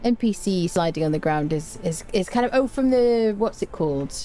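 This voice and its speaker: Lively British woman streamer. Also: medium pitch, moderate pace, soft background music. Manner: chatty, reads chat aloud, animated rants. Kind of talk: casual gameplay stream chat. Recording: faint background noise.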